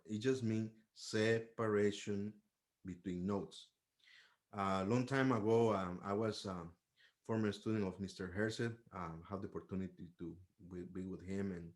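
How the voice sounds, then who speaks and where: Man patiently teaching trumpet articulation. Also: fairly low pitch. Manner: patient, explains step by step, sings syllables to demonstrate. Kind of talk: music lesson.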